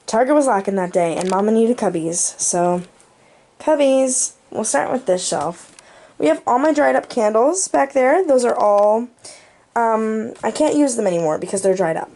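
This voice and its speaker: A young woman vlogger, winded, walks her channel through a playful, goofy tour of her bedroom with plenty of jokey asides. Her fairly high, mellow voice has lively intonation and moves at a normal speed.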